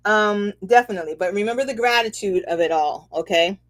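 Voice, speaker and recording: A woman giving a casual, animated spiritual reading, chatty and quick to laugh, checking in with "okay?" often. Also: medium pitch. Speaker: spiritual reader and host.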